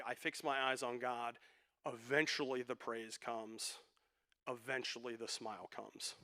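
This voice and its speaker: A man preaching a sermon as pastor, conversational and joking, with quick asides. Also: medium pitch, sharp tone.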